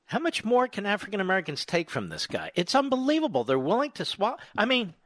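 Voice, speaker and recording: A man's voice: high voice, huge pitch swings, fast, bright, forceful tone, no echo. A man hosting a radio talk show, delivering an opinionated, indignant and sarcastic monologue into a studio microphone.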